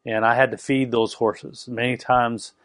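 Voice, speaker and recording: A man's voice: medium pitch, measured pace, dry recording, studio quality. Canadian-raised man preaching with stories. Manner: storytelling, animated retelling, conversational asides. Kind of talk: sermon with personal story.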